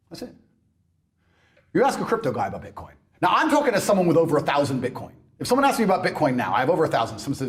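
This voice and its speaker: A man in a heated interview, ranting in a brash, mocking way, swinging between loud outbursts and low mutters. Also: huge pitch swings, racing. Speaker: interview guest. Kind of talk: heated rant.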